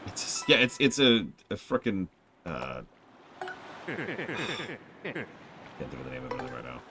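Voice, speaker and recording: A man's voice: sits low, sing-song, measured pace, background noise. A man streaming a video game, giving casual, rambling commentary with self-deprecating asides. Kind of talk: casual let's-play commentary. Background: game music.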